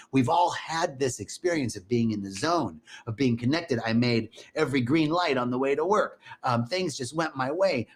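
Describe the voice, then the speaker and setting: A man giving a conversational, animated spiritual talk in a live stream. He greets viewers by name between points. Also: medium pitch, husky. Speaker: spiritual teacher.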